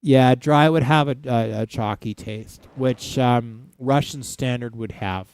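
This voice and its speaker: A man's voice: medium pitch, measured pace, darkish tone, smooth, no echo. A man hosting a casual livestream, chatting loosely with viewers and rambling with frequent restarts. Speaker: livestream host. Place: home in Saskatchewan.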